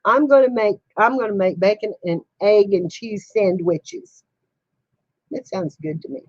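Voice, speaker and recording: A woman's voice: medium pitch, a little slow, a little mellow, no echo, muffled recording. An older woman chatting casually with viewers on a home livestream, laughing often in a folksy way. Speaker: livestream host. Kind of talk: casual chat answering viewers.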